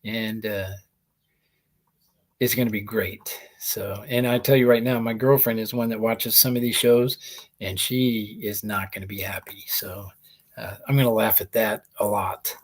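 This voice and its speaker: A man's voice: lowish voice, flat delivery, measured pace. A man hosting a comedy show, telling rambling stand-up stories and laughing through them as he talks into a laptop mic. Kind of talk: stand-up style monologue.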